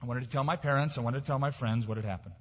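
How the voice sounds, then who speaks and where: A middle-aged man preaching a sermon as pastor, emphatic, swinging between raised declarations and quiet asides. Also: mid-range voice, very fast. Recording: dull lo-fi recording in a reverberant hall.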